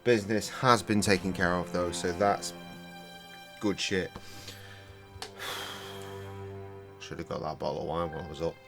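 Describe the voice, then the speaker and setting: A man's voice: low voice, steady tone, normal speed, creaky, pauses often, music in the background. A man chatting and swearing casually while streaming a game and tending to his dogs. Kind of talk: casual live-stream commentary.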